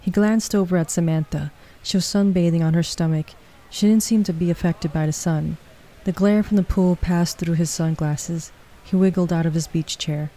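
A woman reading a story aloud in a calm, even way. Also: on the low side, normal speed. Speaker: narrator. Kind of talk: storybook narration.

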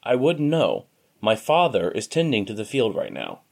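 A stammering, hesitant young farmer's son from a storybook, played by a man. He trips over his words, with a lively, animated pitch. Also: moderate pace, vocal fry, exaggerated voice. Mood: nervous.

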